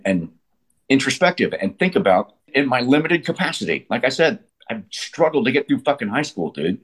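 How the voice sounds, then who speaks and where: A man's voice: medium pitch, slightly rough. A man in his sixties telling his story as an interview guest, blunt and profane, often restarting his sentences. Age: 60s. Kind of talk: candid conversational storytelling.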